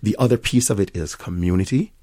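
Jamaican-accented man, middle-aged, low voice, upbeat, laughs easily, dry close sound. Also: fast, warm tone, dry recording. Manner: upbeat, laughs often, acts out customers' voices. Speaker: restaurant owner and chef. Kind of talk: interview conversation.

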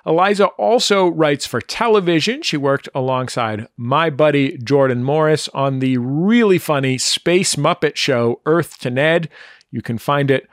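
A man's voice: fairly high pitch, unhurried, dry recording, clean studio sound. A man hosting a podcast, reading friendly, enthusiastic introductions. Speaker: podcast host. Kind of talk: scripted show introductions.

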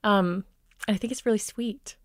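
A woman's voice: medium pitch, moderate pace, no room sound, clean studio sound. A woman with a Minnesota accent, a dialect coach, explaining accents in an enthusiastic radio conversation, with frequent ums. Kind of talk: expert guest in radio talk.

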